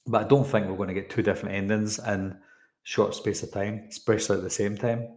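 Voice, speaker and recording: A man's voice: on the low side, steady tone, fairly quick, a little mellow. Man chatting in a roomy echo. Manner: chatty, rambling, frequent fillers. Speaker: live stream host. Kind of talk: casual live chat reading viewer comments.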